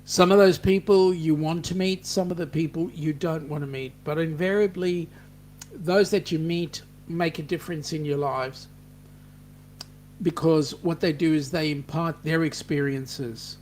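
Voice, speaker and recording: A middle-aged man with an Australian accent hosts a casual live chat, rambling warmly through stories and reading out viewer comments with many ums and restarts. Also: on the high side, steady tone, a little slow, a little hiss or hum. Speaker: host of a cruising livestream.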